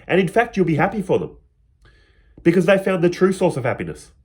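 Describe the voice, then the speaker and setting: A man's voice: high-pitched, sing-song, fairly quick, husky. A man teaching on spirituality in a reflective, spoken style, retelling a parable and slipping into the characters' quoted lines.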